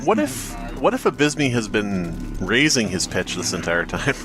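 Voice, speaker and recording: A man's voice: on the low side, wildly swooping pitch, moderate pace, music in the background. A man co-hosting a podcast in casual chat, joking, laughing often and mimicking voices. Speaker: podcast co-host.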